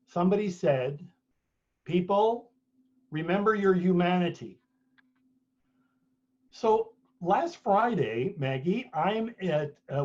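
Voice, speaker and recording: A man's voice: a little high, a little mellow, slightly rough, dull audio. A middle-aged man talking casually at a book launch, telling stories with many restarts. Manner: chatty storyteller, many restarts. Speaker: author and speaker. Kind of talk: conversational talk at a book launch.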